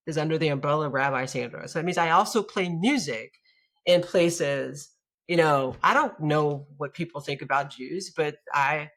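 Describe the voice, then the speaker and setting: An American woman who is a rabbi speaks as a guest in a conversational interview, her voice sitting low. She sounds reflective and restarts often, becoming animated whenever she tells a story.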